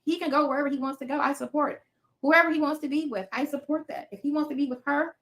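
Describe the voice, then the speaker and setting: Speaking fast in a high, somewhat bright voice, a livestream host in her fifties chats casually from her home basement. She responds to viewers' comments in a blunt, defiant way, swearing freely.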